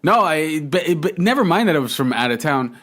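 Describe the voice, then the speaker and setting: A man's voice: fairly high pitch, sing-song, brisk, a bit bright. A man from Canada co-hosting a podcast, talking in a heated, profane, casual way. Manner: heated, profane, swears freely. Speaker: podcast co-host. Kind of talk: casual chat.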